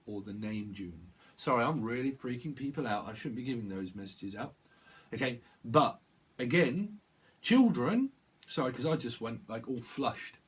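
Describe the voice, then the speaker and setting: A man's voice: medium pitch, lively intonation, moderate pace, breathy edge. A man giving a rambling tarot reading, talking to himself, repeating words and breaking off mid-thought. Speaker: tarot reader.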